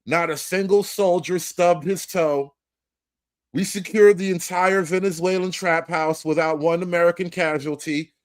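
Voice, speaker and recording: A man's voice: high-pitched, fairly even intonation, measured pace, no echo. A man doing a boastful president impression. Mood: bragging. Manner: boastful, repetitive. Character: boastful male president bragging about his troops.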